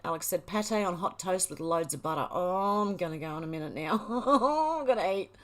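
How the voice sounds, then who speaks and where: Aussie lady reading out her stream chat, lowish voice, chatty. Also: lively intonation, normal speed, fairly bright tone. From Australia. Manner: reads viewer comments aloud and chats back. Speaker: livestream host reading chat. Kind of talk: casual chat.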